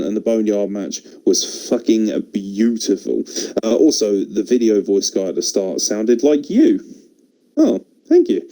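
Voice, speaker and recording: A man's voice: mid-range voice, dark tone, low-quality recording. A man hosting a wrestling podcast, reading out listener messages in casual, laughing, swearing banter. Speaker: podcast host.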